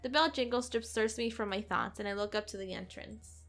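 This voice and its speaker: Woman, let's play host, reading a visual novel aloud, sarcastic, soft music behind. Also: medium pitch, a little fast. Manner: expressive, sarcastic, occasional giggles.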